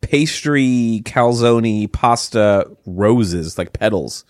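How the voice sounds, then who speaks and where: A man's voice: lowish voice, extremely slow. A man co-hosting a podcast, joking around in casual chat. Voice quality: jokey, very lively. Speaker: podcast co-host.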